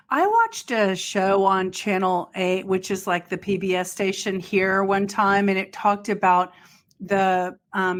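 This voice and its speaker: Enthusiastic middle-aged woman host. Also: medium pitch. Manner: enthusiastic, exclaims often. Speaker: podcast host. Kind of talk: casual interview chat.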